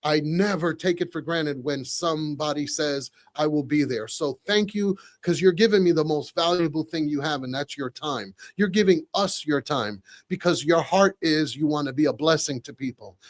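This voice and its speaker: A man's voice: on the high side, normal speed, few pauses. Male podcast host, New York accent, exclamatory and chatty. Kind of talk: live podcast chat. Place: studio.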